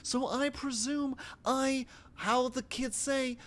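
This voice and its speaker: A woman's voice: high-pitched, steady tone, slow pace. A woman voicing a sheltered, bumbling male American tourist in a comedy skit, with stiff formal phrasing. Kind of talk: comedy skit role-play.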